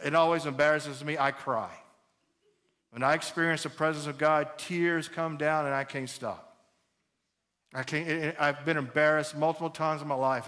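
A middle-aged man preaching a sermon as pastor, animated and conversational, repeating phrases for emphasis. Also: on the high side.

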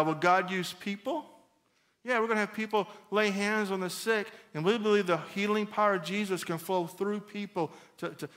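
Middle-aged man, pastor preaching, slightly higher voice, animated and talky, repeats lines for emphasis. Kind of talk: sermon.

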